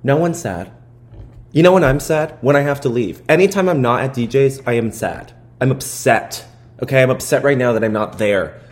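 Young jersey dude podcasting, loud profane over-the-top rant, lots of swearing and hype. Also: male voice, mid-range voice, moderate pace. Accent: New Jersey. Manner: animated, profane, hyperbolic ranting with frequent laughs. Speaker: podcast host. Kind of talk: casual comedic monologue. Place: parents' basement.

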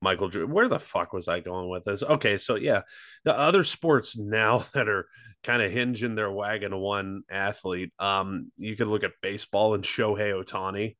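Podcast guy, kinda low voice, rambly with lots of ums and swearing, super dry sound. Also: moderate pace, bright, forceful tone, dry recording. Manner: rambling, loose delivery with many fillers and restarts; swears freely. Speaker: podcast co-host. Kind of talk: casual chat.

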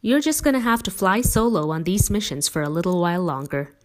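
A woman's voice: on the low side, expressive, fairly quick, natural voice. A woman reading as a firm, devoted mother. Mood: teasing. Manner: emphatic, persuasive, gently teasing. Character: firm devoted mother, middle-aged wife.

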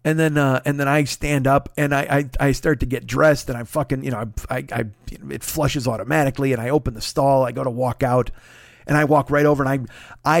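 A comedian and show host tells a story as a profane comic monologue, ranting in exasperation, swearing constantly and firing off rhetorical questions. His mid-range voice is captured in a dry recording with clean studio sound.

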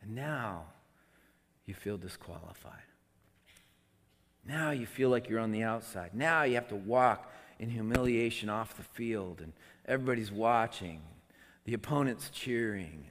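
A man preaching a sermon, swinging between loud, emotional outbursts and quiet, conversational asides. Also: fairly low pitch, expressive, measured pace. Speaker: pastor. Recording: long hall reverb.

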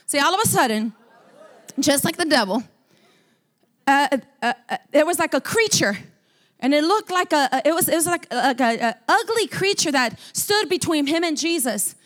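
A woman pastor preaching a sermon, shifting from quiet storytelling to loud, drawn-out shouted declarations, often repeating and restarting words. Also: sits high, expressive.

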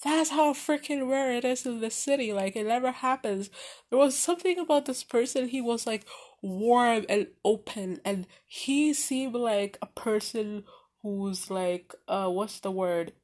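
A woman's voice: a little high, unhurried. Chatty young woman telling a story. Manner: chatty, many fillers and restarts; animated, laughs often. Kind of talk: casual storytelling.

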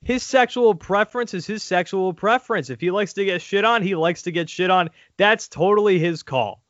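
Crude, animated sports podcast host. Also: male voice, high-pitched, normal speed, no echo. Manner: animated, crude, laughing asides. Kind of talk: casual sports podcast chat. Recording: dull lo-fi audio.

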